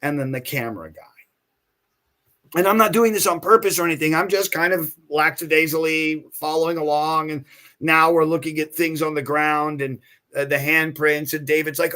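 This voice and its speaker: A middle-aged man, a podcast guest and actor, telling an anecdote in a casual, animated way, acting out other people's lines as he goes. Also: fairly high pitch, normal speed. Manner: animated, acts out quoted people, many restarts.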